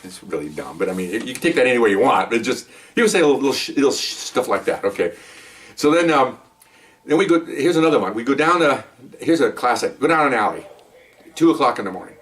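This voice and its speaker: Fast-talking older ex-cop telling stories. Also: male voice, medium pitch, animated, a bit bright, recorded from a distance. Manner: rambling, jokey, full of "okay?" and "you know". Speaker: retired police officer telling stories. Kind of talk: casual storytelling monologue.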